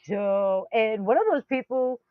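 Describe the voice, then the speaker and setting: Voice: medium pitch, unhurried, no room sound. Blunt joking co-host, dry lo-fi mic. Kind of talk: casual chat. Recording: dry, dull lo-fi sound.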